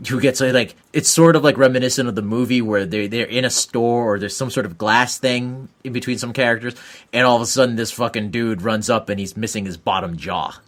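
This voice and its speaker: A man's voice: medium pitch, brisk, fairly bright tone. A man co-hosting a podcast in casual chat, blunt and heavy on swearing. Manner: profane, blunt, laughs at own jokes. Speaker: podcast co-host.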